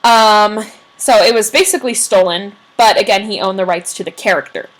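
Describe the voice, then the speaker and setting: A woman's voice: medium pitch, moderate pace. A young woman co-hosting a podcast, chatting casually and telling a history story with lots of "um"s and acted-out quotes. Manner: chatty storyteller, many ums, acts out quotes.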